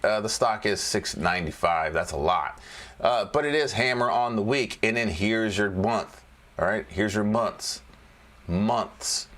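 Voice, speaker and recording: A man with a somewhat low voice talks through stock charts in a loose, casual way. He repeats phrases, riffs on the side, and laughs to himself as he works through the list. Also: fairly bright tone. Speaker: trading educator. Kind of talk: casual screen-share chart walkthrough.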